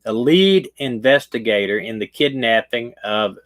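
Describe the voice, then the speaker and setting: A man's voice: medium pitch, animated, measured pace, a bit bright, poor audio. A man with a Southern US accent, a retired detective hosting a livestream, talking through a case casually and restarting his sentences. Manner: rambling, restarts sentences, stumbles over words.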